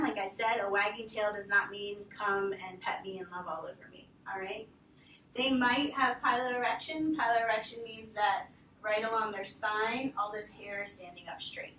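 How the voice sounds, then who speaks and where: A woman teaching a room of volunteers, her voice bright and a touch high. She talks with lots of energy and slips into acting out what the animals are saying. She sits at a distance from the mic, with a roomy echo and faint background hum. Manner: animated, acts out dogs' thoughts in quotes. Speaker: veterinary behavior instructor. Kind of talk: training talk to volunteers. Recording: roomy, from far off, faint ambience.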